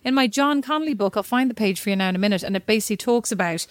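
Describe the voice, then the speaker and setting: A woman co-hosting a podcast, telling stories in a lively casual way and laughing often. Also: medium pitch, racing, slight background noise. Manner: animated storyteller, laughs often. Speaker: podcast co-host. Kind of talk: casual chat.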